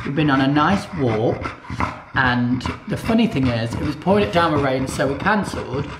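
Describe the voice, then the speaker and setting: A man's voice: mid-range voice, expressive, moderate pace, echoey room, background noise. A man chatting casually in a home vlog, cooing at his dog now and then. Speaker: vlogger. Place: at home indoors.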